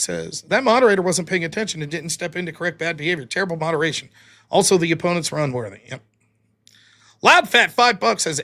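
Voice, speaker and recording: Male streamer, high and animated, reading donations with blunt asides. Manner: quick, offhand thanks and blunt replies with swearing. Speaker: livestream host. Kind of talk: casual chat reading viewer donations.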